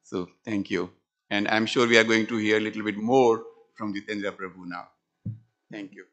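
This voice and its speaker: A man's voice: lowish voice, steady tone, normal speed, fairly bright tone. A man acting as emcee at a memorial, politely thanking and introducing speakers. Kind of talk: ceremony introduction.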